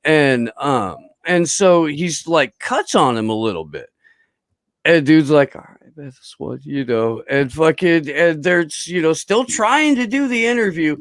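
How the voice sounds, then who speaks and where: A man's voice: a little high, expressive, unhurried, no echo. A man chats casually as a podcast guest, spinning a long story. His talk is rambling and profane, full of fillers and restarts. The sound is dry and close.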